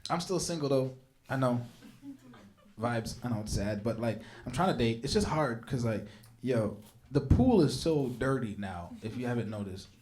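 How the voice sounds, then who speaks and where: A man's voice: medium pitch, moderate pace. A young man doing a stand-up comedy set on stage, telling stories animatedly and bantering with the crowd. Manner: animated storytelling with big voice jumps for quoted people. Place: comedy stage before a live audience.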